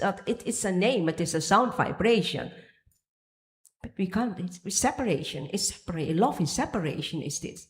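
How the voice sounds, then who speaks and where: Woman giving a devotional temple lecture. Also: mid-range voice. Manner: searching for pages, restarting phrases. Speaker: speaker giving a temple class. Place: temple hall.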